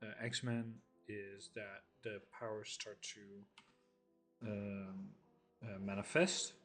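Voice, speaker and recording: A man co-hosting a casual writing chat, thinking aloud in a halting way and poking fun at his own accent attempts. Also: on the low side, level tone, over music. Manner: self-mocking about his own accents. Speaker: podcast co-host.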